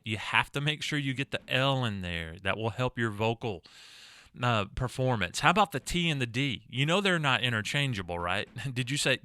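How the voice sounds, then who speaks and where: Bright, crisp Southern US lecturer. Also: male voice, mid-range voice, expressive, a little fast, dry recording, studio quality. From American South. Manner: conversational, demonstrates mispronunciations, asks rhetorical questions. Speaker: college instructor. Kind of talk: recorded lecture.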